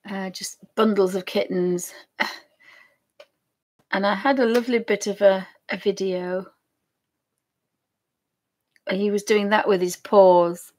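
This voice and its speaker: A woman's voice: mid-range voice, fairly even intonation, takes it slowly, pauses often, darkish tone. A woman with a Yorkshire accent chatting casually to camera as a craft vlogger, rambling and trailing off mid-sentence.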